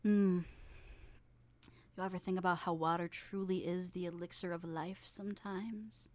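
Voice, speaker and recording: A woman's voice: on the low side, steady tone, normal speed, a little mellow. A young woman chatting casually on a live stream, rambling, giggling often and swearing offhand.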